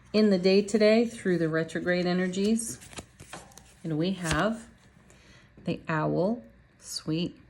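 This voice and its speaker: Speaking at medium pitch with a somewhat dark tone, a woman gives her audience a relaxed, upbeat tarot reading. She talks straight to them and laughs often.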